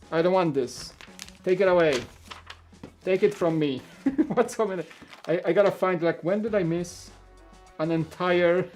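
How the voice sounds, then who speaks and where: A native Polish speaker with a fairly high, slightly mellow voice hosts a live build stream, chatting casually and rambling as he goes. He stammers, repeats words, restarts sentences and chuckles often, with faint music playing beneath him.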